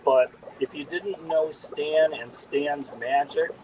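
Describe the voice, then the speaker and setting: A fairly high-pitched man with a steady, darkish tone speaks slowly while giving a casual tank tour as a fish breeder. He's in an indoor fish room among aquarium tanks on a live video call, rambling with lots of ums and restarts. The camera mic produces a low-quality recording with a little hiss or hum.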